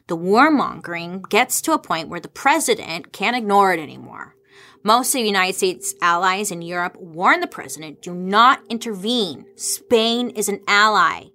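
A woman hosts a comedic history show, telling the story casually in a lowish, pushed, bright voice. She's irreverent and sarcastic, swearing freely, tossing in asides and firing rhetorical questions at the audience.

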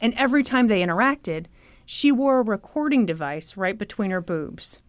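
A young woman hosting a podcast, telling a true crime story in an animated, chatty way full of "like" and "you know". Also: mid-range voice, moderate pace, dry recording. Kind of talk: casual storytelling chat.

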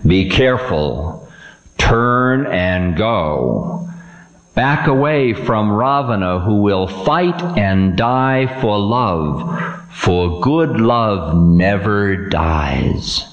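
A man voicing a scornful, mocking male demon king with a slow, low, drawling delivery. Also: lively intonation, dull audio, soft background music. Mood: defiant. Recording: echoey room.

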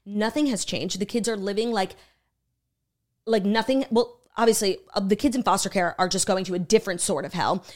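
A woman with a medium-pitched voice talks fairly quickly as she co-hosts a podcast, casually recounting a true crime documentary. She swears freely and plays out people's lines in an animated way.

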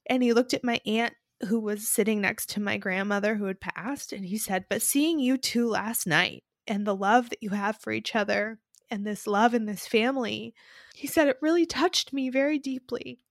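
A woman's voice: on the high side, normal speed, no echo, studio quality. A woman co-hosting a podcast, telling a personal story in a casual, earnest, conversational way. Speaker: podcast co-host. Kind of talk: casual heartfelt podcast talk.

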